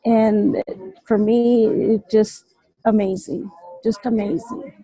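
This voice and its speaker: A woman's voice: a little high, steady tone, takes it slowly, dark tone, breathy edge, low-quality recording. A woman on a video call giving a fervent, motivational testimonial, often repeating herself. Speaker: team member sharing on a call. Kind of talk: emotional testimonial.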